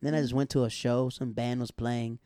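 Man, casual chat, podcast co-host, animated storyteller, mimics others, laughs a lot, mellow tone, dry close mic. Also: medium pitch, normal speed, no echo. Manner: animated storyteller, acts out other people's lines; laughs often while talking.

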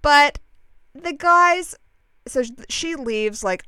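A woman's voice: mid-range voice, slow, smooth, no room sound. A young woman telling a long story to her listeners in a casual, chatty way, acting out what people said and correcting herself as she goes. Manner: chatty, animated, acts out quoted dialogue, frequent fillers and self-corrections.

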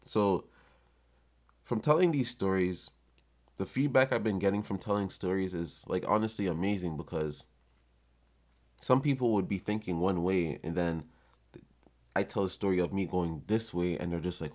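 A man hosting a podcast, telling a story in a swaggering, profane, unhurried way. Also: low voice, a little mellow. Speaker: podcast host. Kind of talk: casual storytelling.

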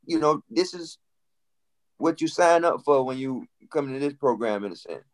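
A man in casual group talk who questions the others bluntly and pushes back, with a mid-pitched voice. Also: expressive, moderate pace. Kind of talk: casual podcast chat.

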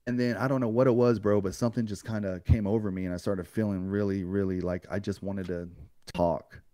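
Guesting on a podcast, a man tells a personal story bluntly and profanely, acting out what others said to him in a raised voice. His voice is lowish and dark with a level tone, fairly quick, and there's no echo.

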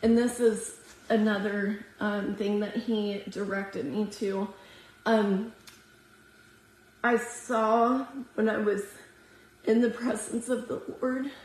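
A woman's voice: mid-range voice, fairly even intonation, a little mellow. A woman giving an earnest, emotional devotional sermon to women, teary as she reads scripture aloud. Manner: earnest, emotional, slow and prayerful. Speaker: women's ministry speaker. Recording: echoey room.

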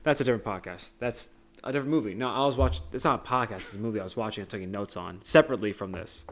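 A man's voice: lowish voice, very fast, a little hiss or hum. A young man co-hosting a podcast, recapping a movie in a rambling, joking way with frequent laughs. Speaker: podcast co-host. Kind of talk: casual movie discussion.

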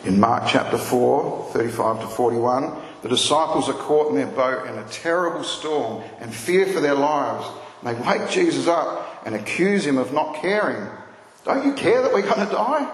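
Pastor preaching in an echoey hall. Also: male voice, mid-range voice. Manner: earnest storytelling, rising for emphasis. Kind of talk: sermon. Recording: echoey hall with long reverb, faint ambience.

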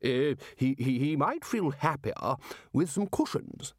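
A man's voice: mid-range voice, lively intonation, a little slow, breathy edge, no echo, clean studio sound. A man voicing a blunt, hearty male head wizard with a bluff manner.

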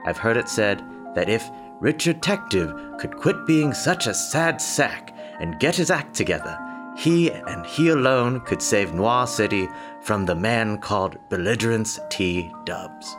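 A courteous, mysterious stranger, played by a man, in a put-on English accent, his pitch rising and falling with genteel flourish. Music plays clearly behind him in this audio drama. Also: animated, a little slow. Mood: polite. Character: polite, mysterious male stranger.

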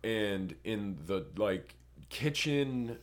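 A man's voice: on the low side, lively intonation, drawn-out words. A young man on a podcast, rambling through a crude story in casual chat. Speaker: podcast co-host.

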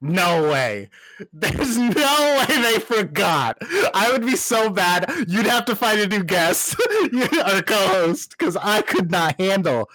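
Man, casual podcast co-host, lively swooping pitch, dry close sound. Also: slow, no echo, rough recording. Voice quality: animated, laughs often, swoops high when laughing.

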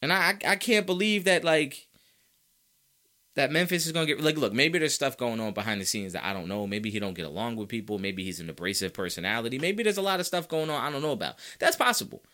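A man hosting a sports talk podcast, ranting with loud, high-pitched outbursts between stretches of lower, calmer talk. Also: quick pace. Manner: animated, swings into high-pitched shouts. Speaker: podcast host. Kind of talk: fired-up sports talk rant.

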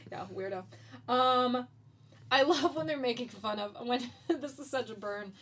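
Chatty woman podcast cohost, swears a lot, laughs lots, kinda high voice. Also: unhurried, a bit bright. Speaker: podcast co-host. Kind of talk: casual chat.

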